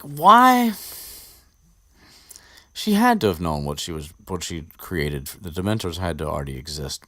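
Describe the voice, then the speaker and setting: A low-voiced man rambles through a casual podcast chat, swearing freely and restarting his sentences. The sound is dry and close, with no room echo. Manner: rambling, profane, restarts often. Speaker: podcast host discussing a book.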